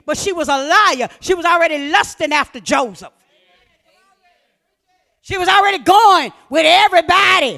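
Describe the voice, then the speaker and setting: A woman preaching a fervent sermon, repeating phrases and often shouting. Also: high voice, animated, moderate pace.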